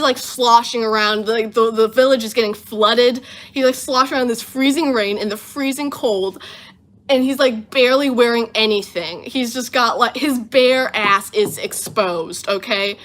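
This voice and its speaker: A woman in her twenties hosting a home livestream, casually recapping a film with animated storytelling and voiced asides, tired and running on little sleep. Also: on the high side, normal speed. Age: 20s. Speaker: livestream host.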